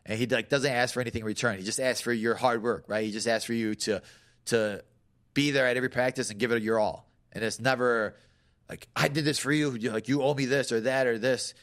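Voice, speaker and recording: A man's voice: mid-range voice, fairly even intonation, a little fast, fairly bright tone. A man, a fighter, telling casual stories as a guest, loose and full of fillers, laughing as he goes. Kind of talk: casual storytelling.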